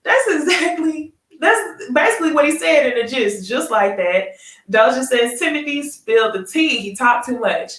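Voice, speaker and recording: A woman's voice: high voice, lively intonation, moderate pace, fairly bright tone, reverberant, far from the mic. A woman hosting a casual live recap of a reality dating show, chatting straight to her viewers and laughing often. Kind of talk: casual live review chat.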